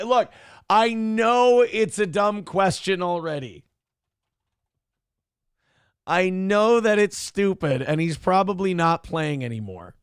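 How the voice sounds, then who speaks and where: A high-pitched man, a little out of breath, hosts a morning show as a casual live-stream chat, rambling and swearing while he thinks aloud. The sound is clean studio audio with no room sound.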